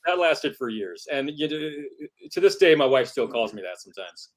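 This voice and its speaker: A podcast co-host in easy conversation. His pitch moves a lot as he talks, and he laughs along with the others. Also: sing-song, moderate pace. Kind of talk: casual chat.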